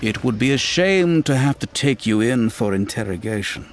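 A man voicing a cool, menacing Imperial officer who speaks slowly and quietly threatens. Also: mid-range voice, expressive, slight background noise, close to an everyday voice. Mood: cold, probing.

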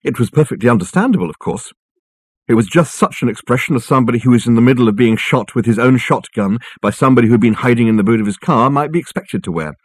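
This is scripted audiobook narration read by a man with a low, husky, slightly mellow voice. The recording is dry and has clean studio quality.

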